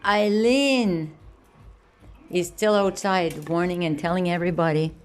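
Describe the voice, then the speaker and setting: A woman's voice: on the low side, moderate pace, slight background noise. A woman filming and cooing to her pet birds, gushing with frequent exclamations. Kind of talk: casual talk to camera and to pets.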